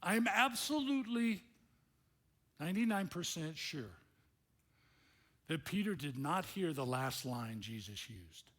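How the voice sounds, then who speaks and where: A male pastor preaching a sermon in an animated, conversational storytelling manner. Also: mid-range voice, a little slow.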